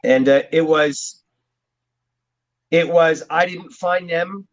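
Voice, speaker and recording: This casual interview features a New Jersey drummer whose slow, somewhat high voice carries loose, wandering anecdotes punctuated by frequent chuckles. The audio is lo-fi, muffled and dull.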